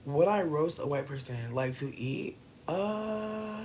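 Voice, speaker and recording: Animated, profane woman riffing casually. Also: slow, few pauses, slight background noise. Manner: loose, profane, riffing with big swings in pitch. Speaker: podcast host. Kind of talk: casual comedic chat.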